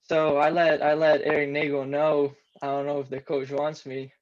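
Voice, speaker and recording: A man's voice: fairly high pitch, little pitch movement, moderate pace, muffled recording. A man of about twenty with a Romanian accent, a native Romanian speaker, telling his story in a plain, matter-of-fact way as an interview guest. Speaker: interview guest, former student athlete. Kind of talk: casual interview.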